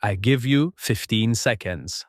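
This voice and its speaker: A man teaching an English lesson, speaking slowly and clearly, encouraging learners and repeating phrases. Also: fairly low pitch, no room sound, clean studio sound.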